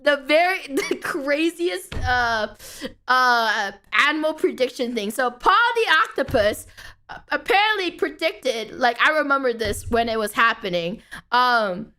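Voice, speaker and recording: A young woman streams from home late at night, her high-pitched, animated voice moving a little slowly with a sharp edge. She chats casually and rambles, breaking into playful chanting and swearing offhandedly.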